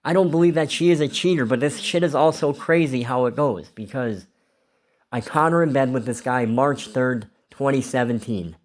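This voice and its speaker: A man's voice: mid-range voice, normal speed. A man telling a rambling, emotional personal story in a casual confessional vlog, swearing freely. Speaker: vlogger.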